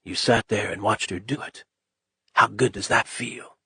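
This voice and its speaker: A man voicing a sinister whispering voice inside someone's head, hushed and taunting, as whispered role-play. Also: on the low side, unhurried, gravelly, slightly rough, dry recording, clean studio sound, full character voice.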